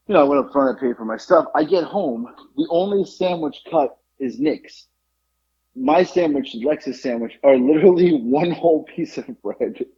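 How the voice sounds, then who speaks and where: A man hosting a podcast, telling a story in an animated, exasperated way over dull lo-fi audio. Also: a little high, slightly rough. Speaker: podcast host. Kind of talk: casual chat, storytelling.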